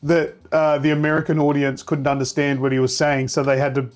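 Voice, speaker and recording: A man's voice: fairly high pitch, completely flat delivery, fairly quick. A man hosting a casual film review podcast, teasing and arguing with his guests. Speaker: podcast host. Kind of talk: casual chat.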